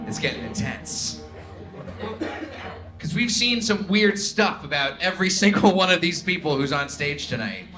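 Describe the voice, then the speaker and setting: A man's voice: sits high, very animated, moderate pace, music in the background. A man from the American South hosting a live comedy game show, teasing his contestants and laughing as he talks. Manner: teasing, playful, laughing while talking. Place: comedy club stage. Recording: live club crowd noise. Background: live audience laughing.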